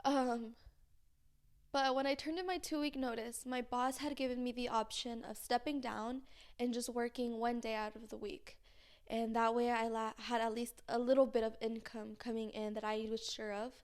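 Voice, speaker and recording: A woman's voice: a little high, steady tone, moderate pace, clear, resonant tone. Anxious rambling young woman vlogger. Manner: rambling, full of fillers and restarts; earnest, anxious, faith-filled. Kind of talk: casual confessional vlog.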